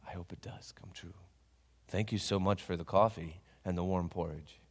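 A man voicing a humble street sweeper who speaks quietly and gratefully, in a church with long reverb. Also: low voice, fairly even intonation, moderate pace.

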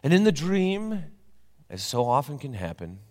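A man preaching a sermon as a dramatic story, with lively questions and hushed asides, in a church with long reverb. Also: on the high side, normal speed.

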